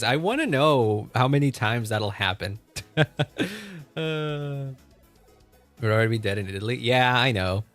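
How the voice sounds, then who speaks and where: A man's voice: on the low side, a bit bright. A man streaming and chatting casually, laughing often and restarting his sentences.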